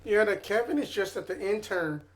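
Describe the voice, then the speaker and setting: A man's voice: high-pitched, expressive, normal speed. A man playing in a casual tabletop game, easygoing and stumbling over his words a little. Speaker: player.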